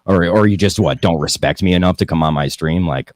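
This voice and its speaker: A young man hosts a podcast in casual chat, rambling and cursing freely, breaking into laughter often. His voice sits extremely low, and the recording is dry and close, with no room around it. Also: a little fast, no echo. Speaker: podcast host.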